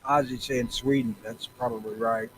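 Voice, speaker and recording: A man's voice: medium pitch, fairly even intonation, normal speed, fairly bright tone, slight background noise, rough recording. A man co-hosting a casual podcast, cutting in with wry, sardonic remarks. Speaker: podcast co-host.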